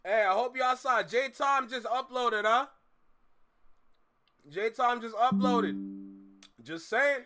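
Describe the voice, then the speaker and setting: A man's voice: extremely high pitch, slow, pauses often, bright, forceful tone, soft background music. A man hosting a live stream while driving, casually greeting viewers in slang. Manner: laid-back, greets chatters, slangy. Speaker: livestream host. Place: in a car, driving.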